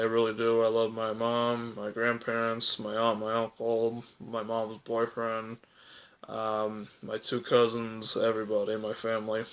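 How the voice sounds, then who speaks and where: A man's voice: mid-range voice, gravelly, fairly bright tone, poor audio. A young man talking earnestly to camera in a personal vlog, hesitant and full of fillers. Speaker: vlogger.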